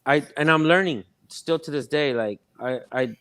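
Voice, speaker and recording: A man's voice: fairly high pitch, moderate pace, fairly bright tone, clear, resonant tone, dry recording. A man speaking as a guest in a casual livestream chat, laid-back and slangy with lots of fillers.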